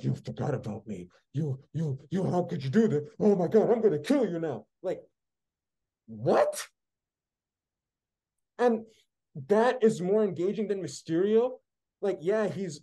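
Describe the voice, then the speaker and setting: A man's voice: high voice, warm tone. A man co-hosting a podcast, ranting in a heated, sarcastic way during casual chat. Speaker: podcast co-host.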